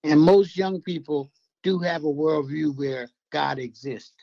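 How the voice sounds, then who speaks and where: A man author explaining his book in a radio interview, halting with fillers. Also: a little high, vocal fry, mellow, lo-fi sound. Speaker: author guest.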